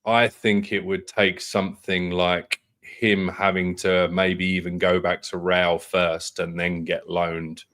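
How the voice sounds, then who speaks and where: Male co-host, lower pitch, measured delivery, easy banter. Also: level tone, a bit bright. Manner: measured, laughs and swears in banter. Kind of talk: casual football chat.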